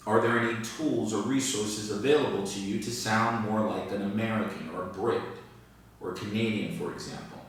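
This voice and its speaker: A man teaching English in a video lesson, explaining slowly and deliberately and repeating key words. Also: lowish voice. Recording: echoey room, distant from the mic.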